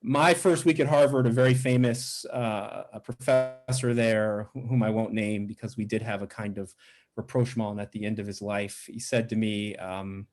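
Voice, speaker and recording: A man's voice: lowish voice, normal speed, faint music behind. A middle-aged man, a professor as interview guest, telling stories animatedly and acting out the voices of people he quotes. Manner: animated, acts out quoted voices, frequent restarts. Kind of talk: conversational storytelling interview.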